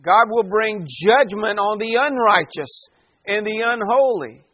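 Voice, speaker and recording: A man pastor preaching a sermon verse by verse, swelling for emphasis and dropping to a hush. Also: high voice, animated, measured pace, lo-fi sound.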